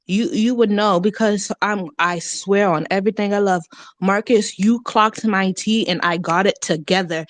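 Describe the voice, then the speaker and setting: An earnest woman speaks warmly and casually, thanking her coach in a heartfelt testimonial. Her voice sits at a middle pitch. The sound is very dry and close. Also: no echo. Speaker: caller giving a testimonial.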